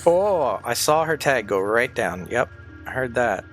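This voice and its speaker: A man's voice: mid-range voice, sing-song, unhurried, a bit bright, soft background music. A man chatting casually on a livestream, rambling and swearing freely, sounding tired and sick.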